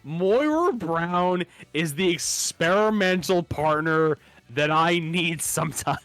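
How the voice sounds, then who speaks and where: A man's voice: fairly high pitch, takes it slowly, no room sound, faint music behind. A man co-hosting a live stream in casual chat, rambling and laughing often. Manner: rambling, animated, laughs often, restarts words. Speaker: streamer co-host.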